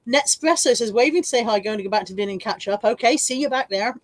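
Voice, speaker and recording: A woman's voice: a little high, fast, no echo. Chatty English woman in her forties. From England. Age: 40s. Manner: chatty, self-mocking, laughs often. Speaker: reseller livestream host. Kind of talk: casual live chat reading comments.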